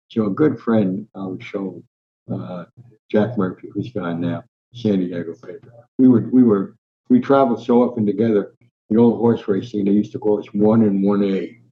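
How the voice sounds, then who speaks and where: An elderly man in his nineties, originally from New Jersey, spins long, meandering anecdotes as an interview guest. He often stops and restarts his sentences. His voice sits fairly low and comes through a dull, muffled, lo-fi recording. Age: 90s. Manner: rambling, vivid storyteller with frequent restarts. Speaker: guest, veteran sports columnist. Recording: dull lo-fi sound.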